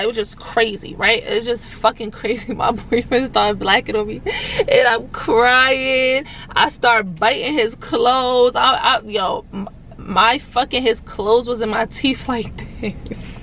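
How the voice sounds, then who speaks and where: A woman's voice: high voice, measured pace, pushed and bright, a little hiss or hum, low-quality recording. A woman animatedly telling her followers a story in casual, profanity-filled talk, addressing them as y'all.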